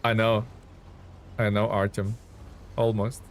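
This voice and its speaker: Slow-paced and fairly low, with little pitch movement, this streamer's voice carries casual live game commentary. He chats with his viewers while playing, laughing a lot and teasing himself over his mistakes.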